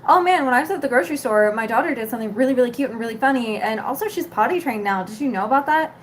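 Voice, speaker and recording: A woman's voice: on the high side, expressive, racing, slight background noise, lightly acted. A woman voicing her chatty sister, a young mother who rambles breathlessly from topic to topic.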